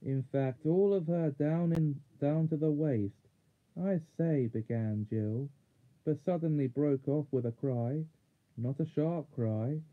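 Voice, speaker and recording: Slow-reading man, phone-like sound. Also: mid-range voice. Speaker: audiobook reader. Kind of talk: storybook narration.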